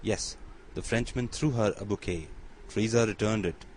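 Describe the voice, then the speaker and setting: A man's voice: on the low side, moderate pace, darkish tone, slight background noise, close to an everyday voice, poor audio. Man voicing a deferential bandit messenger, matter-of-fact, audiobook reading. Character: humble grateful bandit messenger, respectful.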